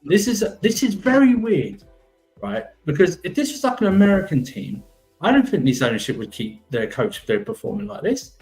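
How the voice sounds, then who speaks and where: A man's voice: high voice, wildly swooping pitch, brisk, a little mellow, echoey room, faint music behind, poor audio. A man hosting a football live stream in casual chat, blunt and exasperated, and prone to swearing. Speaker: football podcast host.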